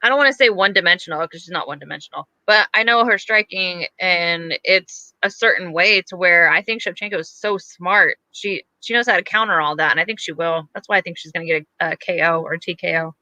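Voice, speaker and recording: A woman's voice: lowish voice, fairly quick, hardly any pauses, sharp tone, dry recording, highs cut off. A woman co-hosting a podcast, chatting casually about fights, hedging a lot and using plenty of fillers. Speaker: podcast co-host. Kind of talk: casual sports chat.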